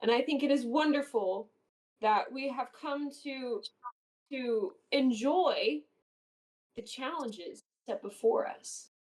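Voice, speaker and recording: A woman speaking in character at a tabletop game, earnest and deliberate. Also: high voice, poor audio. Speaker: player. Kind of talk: in-character tabletop role-play.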